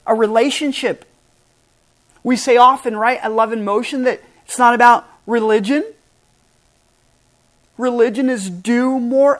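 A woman pastor preaching a sermon in an earnest, emphatic way, stressing and spelling out key words. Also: a little high.

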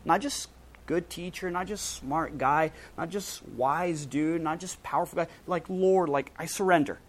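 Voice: medium pitch, measured pace, fairly bright tone, poor audio. A preacher giving a casual, conversational sermon, using slang and acting out quoted lines with a raised voice.

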